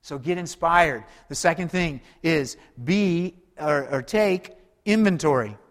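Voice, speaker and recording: High-voiced man preaching in a reverberant hall. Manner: lively, conversational preaching with quick asides and call-and-response. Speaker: pastor. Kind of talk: sermon.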